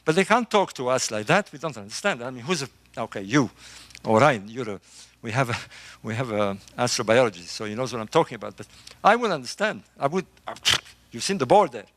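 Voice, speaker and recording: A middle-aged man, a construction engineer, giving an emphatic, animated talk to a group in a room. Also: mid-range voice, fairly quick, a little hiss or hum. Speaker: speaker on ancient engineering. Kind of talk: lecture-style talk to a live group.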